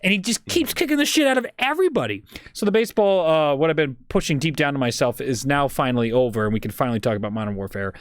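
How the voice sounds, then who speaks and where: A man hosting a casual livestreamed podcast, rambling and excitable, getting loud when worked up. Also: on the high side, quick pace, dry recording, studio quality. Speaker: podcast host.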